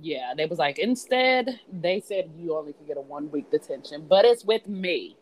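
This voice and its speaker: A woman co-hosting a podcast, chatting excitedly about a film and chiming in often. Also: low voice, normal speed, rough recording. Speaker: podcast co-host. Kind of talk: casual movie recap chat.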